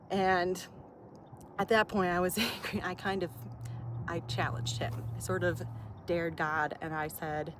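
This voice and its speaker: A woman's voice: lowish voice, flat delivery, unhurried, a bit bright, a little hiss or hum. A woman vlogger telling a personal story outdoors in a chatty way, full of fillers, frequent laughs and swearing.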